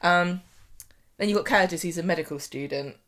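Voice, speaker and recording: A woman co-hosting a casual podcast chat, animated and laughing often, often trailing off mid-sentence. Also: lowish voice, moderate pace. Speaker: podcast co-host. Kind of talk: casual chat about a soap.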